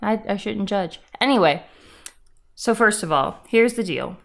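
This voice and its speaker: A woman's voice: medium pitch, expressive, unhurried, vocal fry. A young woman co-hosting a podcast in casual chat, speaking in a blunt, emphatic, opinionated way. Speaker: podcast co-host.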